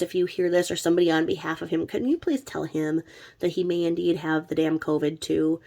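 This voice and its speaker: Woman host, low and gravelly, sick with covid; casual, blunt, sweary commentary. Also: a little mellow. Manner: chatty, blunt, swears freely. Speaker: true crime commentary host.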